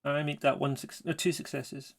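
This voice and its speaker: A man serves as game master, talking through the dice rules and the story in a relaxed, halting way. His voice sits a touch high. He keeps it casual and conversational. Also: background noise. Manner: explanatory, casual, hesitant with fillers. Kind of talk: running a tabletop game.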